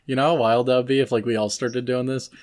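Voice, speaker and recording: A young man co-hosting a casual podcast, musing out loud with lots of fillers. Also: medium pitch, level tone, quick pace, a crowd in the background. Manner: rambling, filler-heavy, musing. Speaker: podcast co-host. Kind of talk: casual chat.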